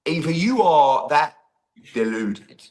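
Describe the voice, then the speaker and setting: A man's voice: fairly high pitch, slow pace. A middle-aged man, a boxing promoter, telling a story in an interview and acting out the dialogue. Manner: animated, acts out quoted dialogue, says "blah, blah, blah".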